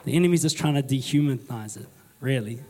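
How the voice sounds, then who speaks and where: A man's voice: mid-range voice, fast, darkish tone. A young man preaching a sermon in a conversational way, asking the congregation rhetorical questions and ending remarks with "eh?". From New Zealand. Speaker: pastor.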